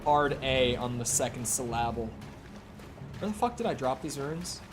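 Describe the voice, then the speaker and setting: A man's voice: mid-range voice, animated, normal speed, over music. A man chatting casually with viewers during a live gaming stream, rambling and swearing freely. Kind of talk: casual live-stream chat while playing.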